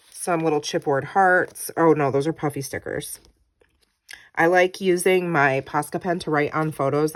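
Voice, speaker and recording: A woman vlogger casually walking through her scrapbook pages, chatty and full of ums, reading her own journaling aloud. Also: deep voice. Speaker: crafting vlogger.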